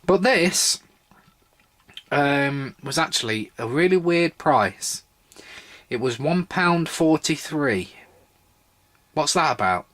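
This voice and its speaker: A man's voice: on the high side, fairly bright tone. A young man reviewing a drink in a casual solo vlog, a little tipsy and sore-throated, rambling with wry asides. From Britain.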